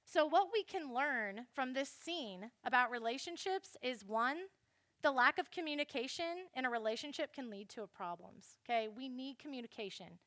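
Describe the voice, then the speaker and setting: A young woman giving a classroom Bible lesson, animated and speaking straight to her listeners. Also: sits high, normal speed, no room sound, studio quality. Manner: animated, addresses listeners directly.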